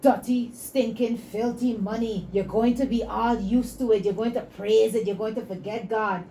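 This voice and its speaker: A woman, a guest in an interview, telling stories and making her pitch with preachy passion. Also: fairly even intonation, moderate pace, warm tone, slight background noise, rough recording. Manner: passionate, preachy, acts out dialogue. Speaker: entrepreneur guest.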